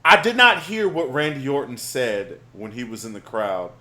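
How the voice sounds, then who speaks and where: A man's voice: medium pitch, moderate pace, bright, forceful tone. A man co-hosting a wrestling review podcast, chatting casually and laughing often. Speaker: podcast co-host.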